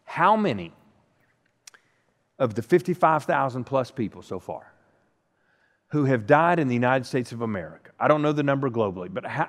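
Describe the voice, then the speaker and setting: A man preaching a sermon as pastor, often stuttering and repeating words as he starts a line. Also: mid-range voice. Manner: stammers and repeats the first sounds of words. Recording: long hall reverb.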